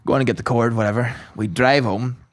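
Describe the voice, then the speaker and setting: A man's voice: mid-range voice, fairly even intonation, fast talker. A man, a podcast host telling a rambling anecdote in casual chat, full of swearing and impressions.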